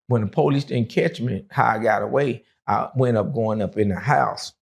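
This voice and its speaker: A middle-aged man with a gravelly, husky voice, telling his story casually. He rambles and fills pauses with "uh" and "you know.". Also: medium pitch. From Dallas, Texas. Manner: rambling, with many fillers and acted quotes.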